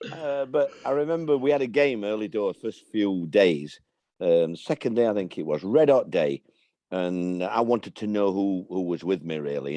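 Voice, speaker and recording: Low-voiced older man telling rambling stories. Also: warm tone, no echo. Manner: rambling storyteller, frequent restarts. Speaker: guest, former football manager. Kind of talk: anecdotal interview chat.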